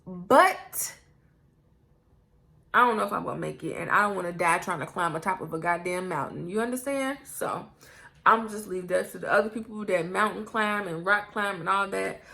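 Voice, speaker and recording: A young American woman vlogging in a casual Q&A. Her voice has a gravelly, creaky edge. She talks bluntly and candidly, swearing freely as she goes. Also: medium pitch, moderate pace, sharp tone. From United States. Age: young adult. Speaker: YouTuber. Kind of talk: casual get-to-know-me Q&A.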